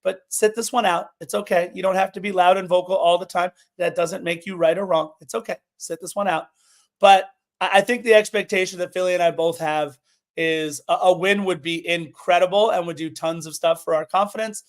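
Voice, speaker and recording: A man co-hosting a casual sports podcast, animated and opinionated as he previews a match. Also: high voice, brisk. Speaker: podcast co-host.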